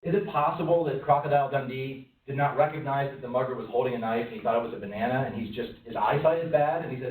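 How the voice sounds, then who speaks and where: A man's voice: mid-range voice, quick pace, few pauses. Man lecturing in a roomy space. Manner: questioning, lively, acts out quoted voices. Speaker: speaker at a lunch-and-learn talk. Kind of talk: conversational presentation to an audience. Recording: roomy, from a distance, faint room noise.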